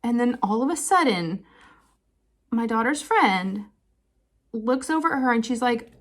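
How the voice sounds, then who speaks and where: A woman, chatting casually to her viewers and telling an animated family story with frequent laughter. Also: a little slow. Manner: chatty, animated, laughs often, quotes people in higher voices. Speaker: crafting channel host.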